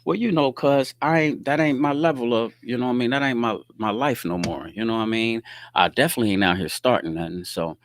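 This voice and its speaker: A middle-aged man from the Quad Cities in the US Midwest hosts a show, telling a street story as a casual, slangy rant. He talks fast, swinging between low muttering and loud bursts of laughter, with no echo in the recording.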